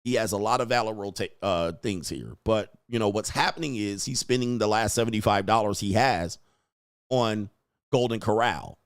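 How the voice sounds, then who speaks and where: A man's voice: on the low side, moderate pace, smooth, no echo, studio quality. A man hosting a reaction commentary show, mocking and lecturing the people in the clips he plays, often laughing. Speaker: commentary channel host.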